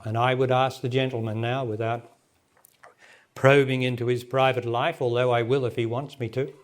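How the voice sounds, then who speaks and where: A man in his sixties, a spiritual teacher talking directly to a gathering and answering a question in plain words. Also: medium pitch. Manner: direct, plain-spoken, laughs often. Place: meeting hall with audience. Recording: remastered 1998 talk recording.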